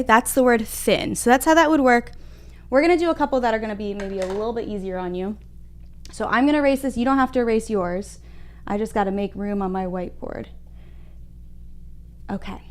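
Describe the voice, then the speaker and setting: Clear-voiced woman teaching phonics. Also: on the high side. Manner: encouraging, sounds out letters slowly and clearly. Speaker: kindergarten reading teacher. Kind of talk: livestreamed phonics lesson. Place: home room at a whiteboard.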